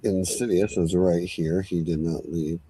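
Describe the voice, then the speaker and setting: Very low mellow voiced guy on a live stream, flustered, fumbling around. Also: steady tone, a little slow, slight background noise. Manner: flustered while working the screen. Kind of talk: casual live-stream chat.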